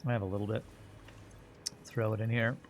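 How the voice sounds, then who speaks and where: A man's voice: on the low side, flat delivery, brisk, a little hiss or hum. A man streaming a game live, thinking aloud in rambling, self-mocking casual commentary.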